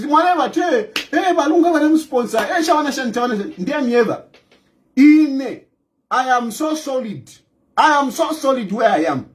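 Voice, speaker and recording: A Zambian man giving an impassioned political monologue to camera, forceful and repetitive, hammering his points again and again and breaking into scornful laughs. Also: extremely high pitch. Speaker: political commentator.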